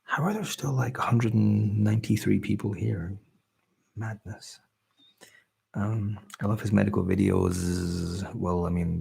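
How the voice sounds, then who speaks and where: A young man with a slight Scottish accent, hosting a relaxed livestream and chatting softly as he reads out and answers viewer comments. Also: low-pitched, creaky, slightly rough. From Britain. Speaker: ASMR livestream host. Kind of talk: casual soft-spoken live chat.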